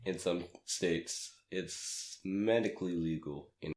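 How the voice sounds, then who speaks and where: A man slightly raspy from a cold, rambling through a casual podcast chat as co-host and laughing at his own jokes. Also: deep voice, slow pace, darkish tone. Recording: echoey room.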